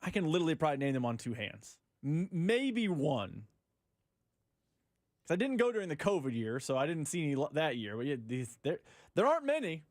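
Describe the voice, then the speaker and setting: A man co-hosting a sports radio show, needling his partner in a teasing, deadpan way. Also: fairly high pitch, fairly quick, no echo, clean studio sound. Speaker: radio co-host.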